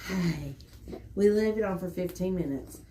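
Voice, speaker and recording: A woman's voice: fairly low pitch, moderate pace, echoey room, heavy background noise. A woman nurse explaining an allergy skin test while talking in sing-song baby talk to an infant in a clinic exam room.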